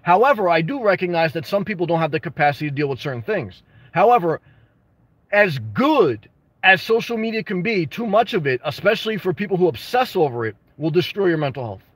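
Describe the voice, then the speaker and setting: A man hosting a casual livestream, answering viewer comments with blunt, jokey advice and bursts of excitement. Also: high voice, fairly quick, no room sound. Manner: reads and responds to viewer comments. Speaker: livestream host answering chat.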